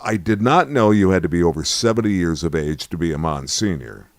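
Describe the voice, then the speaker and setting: A man's voice: sits low, lively intonation, brisk, no room sound, clean studio sound. A man co-hosting a casual Q&A, asking questions with a joking, teasing manner. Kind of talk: casual Q&A chat.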